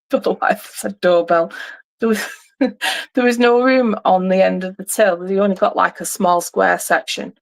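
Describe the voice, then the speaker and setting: A woman's voice: mid-range voice, fairly even intonation, a little slow, creaky. A middle-aged woman, host of a livestream, chatting casually and telling a rambling story with many restarts.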